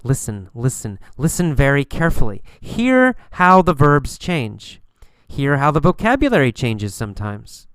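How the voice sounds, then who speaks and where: Man, English teacher, smooth clear voice, dry close sound, slow and patient. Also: mid-range voice, wildly swooping pitch, a bit bright, no room sound. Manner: slow, deliberate, repeats phrases for learners. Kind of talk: recorded language lesson.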